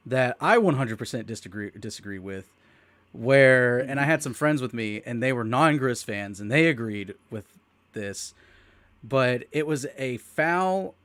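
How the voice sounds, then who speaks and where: A man chatting on a sports watch-party stream, telling stories with a lively, laughing delivery. His voice sits at a middle pitch and sounds close and dry, with no room echo. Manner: animated storytelling, laughs often, trails off and restarts. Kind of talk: casual sports chat.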